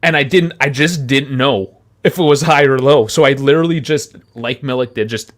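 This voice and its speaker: A man's voice: medium pitch, moderate pace, a bit bright. A young man co-hosting a football podcast, telling rambling anecdotes and laughing often. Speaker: podcast co-host. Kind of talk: casual football chat.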